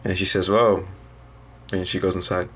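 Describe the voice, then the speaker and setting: A young man, a student, casually retelling a story in a halting way, full of ums and restarts. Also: low voice, level tone, a bit bright. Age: young adult.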